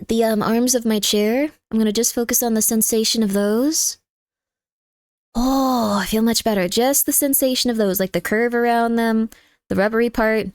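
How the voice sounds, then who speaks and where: A woman's voice: on the high side, a little mellow, no room sound, clean studio sound. A young adult woman streamer in casual chat, joking around and thanking her viewers. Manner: chatty and jokey, thanks viewers by name. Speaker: livestreamer.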